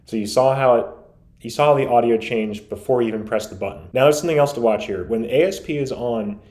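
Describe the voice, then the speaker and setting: A man's voice: medium pitch, fast talker, darkish tone. Analytical man explaining radio audio. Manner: analytical, emphatic. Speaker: radio reviewer. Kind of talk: explanatory commentary.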